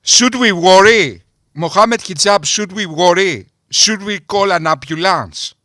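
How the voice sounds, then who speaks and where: A man doing sarcastic video commentary in a mocking, deliberate way. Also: sits high, sharp tone.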